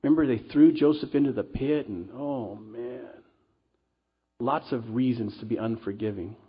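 A man's voice: mid-range voice, moderate pace, slightly rough. A middle-aged man preaching a sermon as pastor at a church service, earnest and conversational with casual asides. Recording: dull lo-fi recording.

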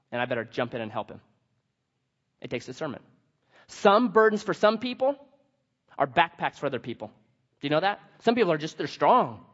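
Animated man preaching a sermon. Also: high-pitched, lo-fi sound. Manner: animated, acts out quotes with humor. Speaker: pastor.

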